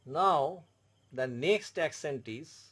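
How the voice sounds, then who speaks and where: A man teaching a language lesson, explaining slowly and repeating each point for emphasis. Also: on the high side, expressive, fairly bright tone, breathy edge. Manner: slow, repetitive explaining, stressing each point. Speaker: French tutor.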